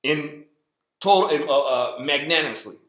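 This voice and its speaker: A man's voice: normal speed, a bit bright, roomy sound. A man hosting a casual Bible reading show, reading aloud and breaking in with jokes and goofy character voices. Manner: jokey, acts out the people in the story in goofy high voices. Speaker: host.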